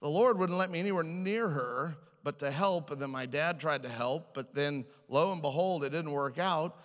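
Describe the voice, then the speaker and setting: A man telling a personal story as a humorous sermon, self-mocking and animated, jumping in and out of quoted voices before a live congregation. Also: fairly high pitch, normal speed. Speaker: preacher. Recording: hall reverb.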